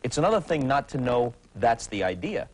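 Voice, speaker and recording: A man's voice: mid-range voice, big pitch swings, brisk, poor audio. A man hosting a late-night talk show, musing aloud and acting out quotes as he tells anecdotes. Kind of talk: casual talk-show interviewing.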